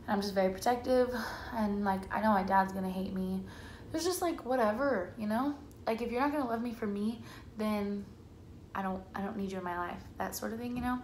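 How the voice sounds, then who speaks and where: A woman's voice: medium pitch, a little fast. A young woman vlogger telling a personal story to camera in a casual, chatty way, filling her talk with "like" and acting out quotes. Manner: chatty, says "like" a lot, quotes herself and family in lively voices. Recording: echoey room with faint ambient noise.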